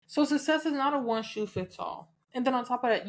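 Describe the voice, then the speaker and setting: A woman's voice: sits high, brisk. A woman from the American South with a Southern accent, hosting a solo podcast in a candid, chatty way, cussing and laughing freely. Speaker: podcast host. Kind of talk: casual solo podcast talk.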